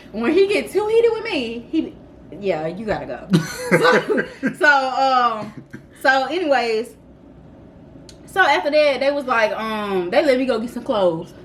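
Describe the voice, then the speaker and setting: A vlogger in her twenties tells a storytime tale in a fairly high, slow voice, with a little hiss or hum on the recording. She is casual, animated and laughing, describing herself as dramatic.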